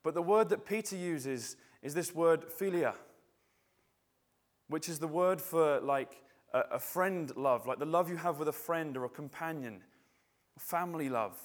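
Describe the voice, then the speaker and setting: A man's voice: fairly high pitch, a little slow. A male preacher giving a conversational, reflective sermon, often restarting his phrases.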